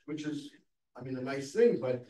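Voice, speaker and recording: Mellow-voiced man arguing a point. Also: medium pitch, animated, normal speed. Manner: challenging, argues a counter view. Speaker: class participant. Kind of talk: discussion in a study class. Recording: roomy, distant mic, faint noise.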